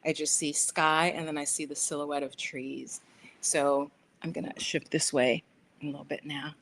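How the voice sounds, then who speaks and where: A woman's voice: low voice, little pitch movement, moderate pace, fairly bright tone, slight background noise. A middle-aged woman hosting a casual livestream from her sofa, chatty and rambling as she gives tarot readings to viewers. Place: living room sofa by big windows.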